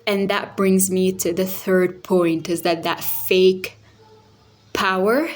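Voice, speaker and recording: Slow, thoughtful woman vlogging on phone. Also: medium pitch, level tone, a little hiss or hum. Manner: unhurried and thoughtful, with sassy quoted voices. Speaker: vlogger on narcissism and recovery. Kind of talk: casual talking-head vlog. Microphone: phone camera.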